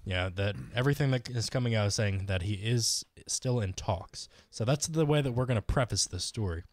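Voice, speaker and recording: A man co-hosting a casual podcast, relaxed and rambling, with many fillers. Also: fairly low pitch, fairly quick, dry recording. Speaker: podcast co-host. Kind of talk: casual chat.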